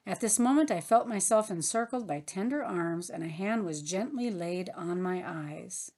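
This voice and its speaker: A woman reading a story aloud as narrator, in a gentle, earnest manner. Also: lowish voice, animated, moderate pace, hardly any pauses. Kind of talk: audiobook narration.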